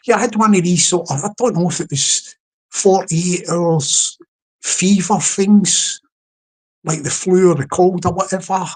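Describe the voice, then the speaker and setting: A man with a London accent hosting a late-night solo live stream, telling a humorous hypothetical story in a rambling, halting way, full of restarts and greetings to the chat. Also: high-pitched, husky.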